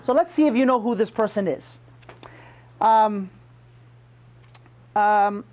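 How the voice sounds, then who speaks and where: A man's voice: high voice, takes it slowly, pauses often, darkish tone. A man coaching a room of salespeople, emphatic and punchy, firing questions at his audience. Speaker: sales trainer. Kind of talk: motivational sales training talk.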